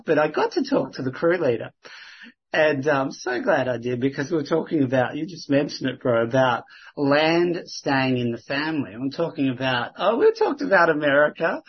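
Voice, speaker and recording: A man's voice: mid-range voice, big pitch swings, normal speed, breathy edge, lo-fi sound. A man sharing earnest, rambling faith stories in casual chat, with frequent restarts. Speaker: Christian sharing witnessing stories.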